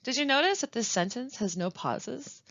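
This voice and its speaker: A woman teaching a scripted webinar on pronunciation, reading example sentences slowly with deliberate stress and pauses. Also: a little high, sing-song, a bit bright, no room sound, highs cut off. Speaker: language support instructor.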